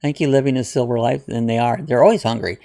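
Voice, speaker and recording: Gravelly-voiced man rambling through viewer comments. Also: medium pitch, steady tone, fast talker, mellow. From Ohio. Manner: rambling, friendly, with frequent uhs and restarts. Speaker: channel host reading viewer comments. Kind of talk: casual chat.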